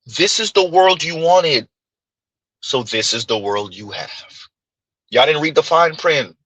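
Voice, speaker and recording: Brash, lively teasing male commentator. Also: fairly high pitch, measured pace, no echo, low-quality recording. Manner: brash, teasing, punchy asides. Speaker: commentary host. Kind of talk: reaction commentary.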